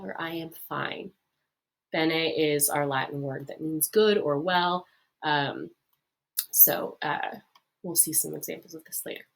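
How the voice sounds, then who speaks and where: A woman teacher explaining a lesson in a friendly, upbeat way, with many fillers, who repeats key phrases slowly. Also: lowish voice, a bit bright. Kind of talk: recorded lesson.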